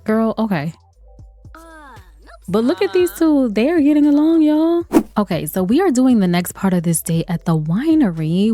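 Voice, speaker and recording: A woman's voice: mid-range voice, dark tone, no echo. A woman giving chatty let's-play commentary on a life-sim game, laughing often and talking to her viewers. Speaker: gaming video creator. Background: faint game music.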